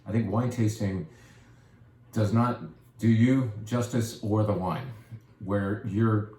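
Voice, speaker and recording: Chatty low-voiced man talking wine. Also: steady tone, takes it slowly, warm tone. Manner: chatty, playful, self-deprecating asides. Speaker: wine shop host. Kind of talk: casual wine presentation. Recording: echoey room with faint ambience.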